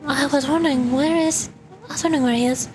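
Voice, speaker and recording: A young woman streamer with a high voice reads game dialogue aloud, dropping in casual asides. Game music plays steadily behind her. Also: fairly even intonation, quick pace. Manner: reads all characters' lines with casual asides. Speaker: vtuber streamer. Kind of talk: reading game dialogue aloud while playing.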